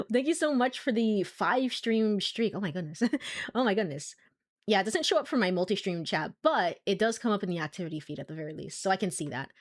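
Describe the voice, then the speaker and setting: A woman's voice: mid-range voice, animated, brisk, dry recording, studio quality. A young woman streaming a game, chatting casually and laughing often. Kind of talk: casual gameplay commentary.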